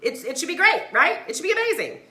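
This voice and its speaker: A woman's voice: extremely high pitch, big pitch swings, fast, bright, forceful tone. A woman ranting emphatically on a live stream, addressing viewers as y'all and checking in with "right?" and "okay?". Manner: fired-up, emphatic, keeps asking "right?" and "okay?". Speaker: mother; CBD oil seller vlogger. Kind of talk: live-stream rant to viewers, reading comments. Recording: echoey room.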